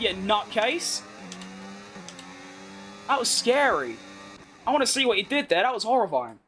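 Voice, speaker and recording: A young man with a British accent, chatting casually as he streams a racing game, reacting fast and poking fun at himself. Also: sits high, very animated, sharp tone, a little hiss or hum. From United Kingdom. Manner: chatty, quick reactions to the race, self-mocking. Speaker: gaming streamer. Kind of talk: live gameplay commentary while reading chat.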